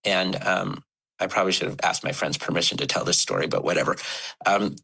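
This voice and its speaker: A podcast guest in his young adult years tells a personal story. His voice is low and gravelly, with a bright, forward edge. He speaks haltingly and earnestly, often restarting his thoughts. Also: rough recording.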